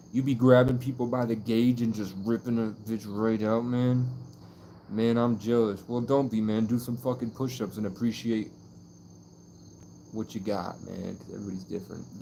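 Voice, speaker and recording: Over a little hiss or hum, a man with a fairly low, creaky, dark voice talks erratically to his livestream viewers outside at night. He drifts between mystical musing and mock-angry, swear-filled rants.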